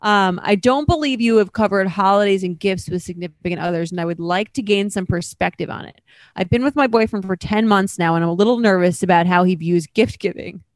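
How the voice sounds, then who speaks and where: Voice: mid-range voice, fairly quick, dry recording. A podcast co-host in casual chat, reading a listener email aloud with wry asides.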